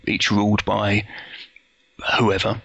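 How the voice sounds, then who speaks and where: A man's voice: fairly low pitch, completely flat delivery, takes it slowly, creaky, a bit bright, dry recording. A man acting as game master over a voice call, explaining the setting at length with many fillers and restarts. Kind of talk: casual tabletop game narration. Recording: lo-fi voice call audio.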